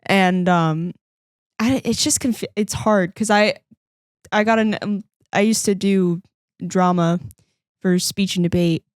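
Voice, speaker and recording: A woman's voice: mid-range voice, fairly even intonation, slow, no room sound, clean studio sound. A woman co-hosting a podcast, chatting expressively about film with some ums along the way. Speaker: podcast co-host. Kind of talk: casual film discussion.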